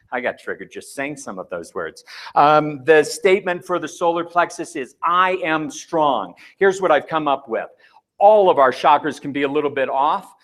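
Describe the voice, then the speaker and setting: A man's voice: mid-range voice, fairly bright tone. A middle-aged man giving a playful, candid talk to a live conference audience, joking at his own expense. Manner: playful, candid, self-mocking. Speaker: conference speaker.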